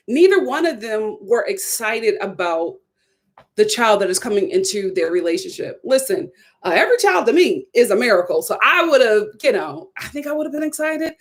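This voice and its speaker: A woman's voice: fairly high pitch, moderate pace. A woman, casually and expressively reviewing a reality TV episode. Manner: animated, expressive, breaks into laughter and quoted voices.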